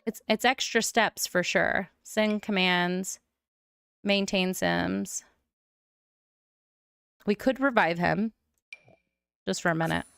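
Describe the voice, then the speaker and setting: Woman streamer chatting thru her game, bit of vocal fry, smooth and close, dry sound. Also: medium pitch, slow, pauses often, no room sound. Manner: chatty, excitable, thinks aloud. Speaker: streamer playing a life-sim game. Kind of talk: casual gameplay commentary.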